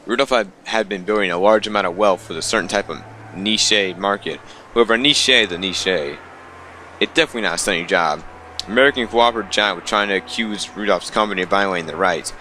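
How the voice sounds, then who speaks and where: A man's voice: on the low side, a little fast, pushed and bright, slight background noise. A young man reading a visual novel aloud, stumbling over lines and breaking off for wry asides. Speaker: let's player.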